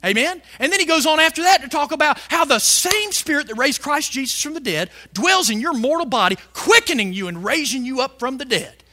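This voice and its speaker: A male preacher delivering a fiery sermon, shouting some lines and stretching words out slowly for emphasis. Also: very high-pitched, animated. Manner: fiery, shouting emphasis with big swings in loudness.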